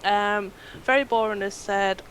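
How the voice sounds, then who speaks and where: A woman with a mid-range voice reads viewer comments aloud at a brisk pace. She sounds lightly amused, and faint noise murmurs in the background. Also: medium pitch, fairly even intonation, a bit bright, rough recording. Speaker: chat reader.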